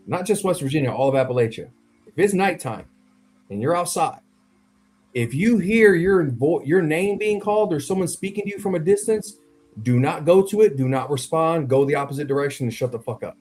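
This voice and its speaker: A man's voice: a little high, animated, a little fast, darkish tone, a little hiss or hum. A man telling a spooky story in a loose, profane, slang-heavy casual chat, talking directly to his co-host. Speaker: podcast co-host.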